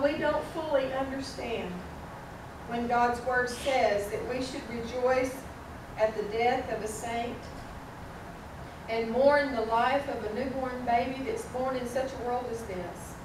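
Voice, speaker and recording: Brief: woman pastor delivering a funeral eulogy, tender and emotional, fairly high voice, recorded from a distance in a very echoey hall with steady hiss.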